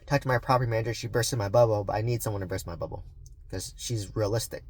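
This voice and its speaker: A man's voice: fairly low pitch, fairly even intonation, quick pace, slightly rough, no echo. A man vlogging about real estate investing, talking earnestly and rambling with many fillers and restarts. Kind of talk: casual vlog talk to camera.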